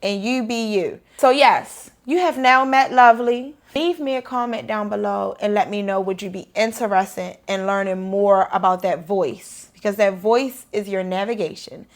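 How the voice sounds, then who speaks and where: A woman meditation teacher talking casually to camera in a vlog, energetic and fired up about life. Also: mid-range voice, moderate pace, few pauses. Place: indoors after the gym.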